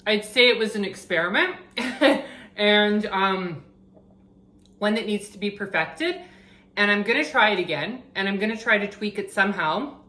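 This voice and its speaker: A woman chatting casually while cooking in her home kitchen, thinking out loud and poking fun at herself, with a pan sizzling behind her. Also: medium pitch, lively intonation, moderate pace, reverberant. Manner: chatty, self-deprecating, thinks aloud. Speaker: vegan cooking vlogger. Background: frying and sizzling from the pan.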